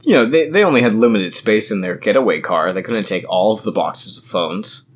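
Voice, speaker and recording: Jokey podcast co-host, lively swooping pitch, playful banter. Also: a little fast. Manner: playful, jokey, baby-talk teasing. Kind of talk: casual chat.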